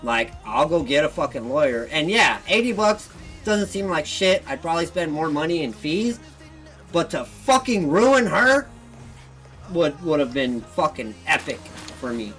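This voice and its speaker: A man's voice: fairly high pitch, big pitch swings, unhurried, fairly bright tone, poor audio. A man hosting a gaming video, telling a story as a casual, heated, profane rant. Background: faint background music.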